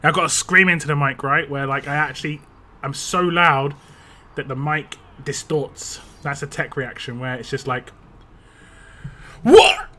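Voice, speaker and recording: A young man streams a game, chatting loosely and rambling between laughs, his voice a little rough from a drink. His tone is bright and forceful, pitched a touch high, with a casual, chatty flow. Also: fairly even intonation, moderate pace, slight background noise. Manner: rambling, chatty, laughs often, reads chat aloud. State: voice a bit rough after a drink. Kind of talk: casual live-stream chat.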